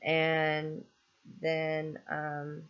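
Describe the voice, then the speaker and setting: The delivery is completely flat, with drawn-out words and a clean, medium-pitched tone. On a dull lo-fi recording, a vlogger rants casually, angry and exasperated, swearing a lot and sounding worn out and fed up.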